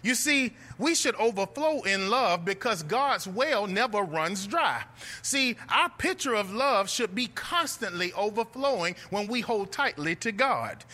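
A young man preaching a sermon, telling a story with animated delivery and calling his listeners friends. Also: sits high, unhurried.

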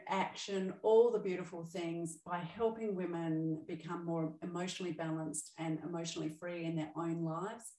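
A woman's voice: lowish voice, darkish tone, roomy sound, far from the mic, poor audio. A middle-aged woman hosting her own podcast as an emotional balance coach, talking in a chatty, upbeat way with fillers and self-corrections. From Australia. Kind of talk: solo podcast monologue.

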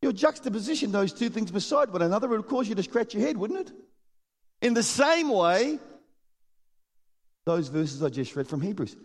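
A man preaching a sermon in a church hall, animated and laughing often as he acts out the people in his stories. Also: high-pitched, normal speed, pauses often. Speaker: pastor. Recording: long hall reverb.

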